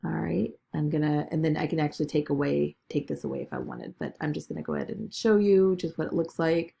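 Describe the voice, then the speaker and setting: A woman giving a chatty screen-recorded software tutorial, talking through each click with lots of "okay" and "all right". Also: sits low, lively intonation, quick pace, creaky. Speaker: business video tutor.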